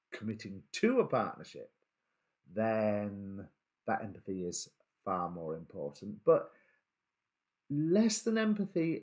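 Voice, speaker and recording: A man giving a casual spoken tarot reading, hesitant, with many ums and self-corrections. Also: mid-range voice. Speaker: tarot reader.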